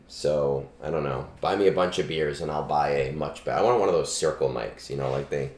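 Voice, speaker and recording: A man with an extremely low voice talks through game strategy in a loose, rambling way, dotted with ums and asides. He records on a cheap starter microphone in a roomy, echoing space. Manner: relaxed, chatty, frequent ums. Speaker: streamer giving game advice. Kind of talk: casual live-stream chat. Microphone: budget starter microphone. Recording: echoey room, cheap mic.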